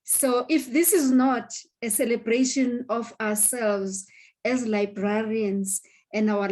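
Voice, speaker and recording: A woman acting as program director at a library event, giving slow, effusive praise to the speakers. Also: fairly high pitch, a little mellow. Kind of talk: emceeing an event.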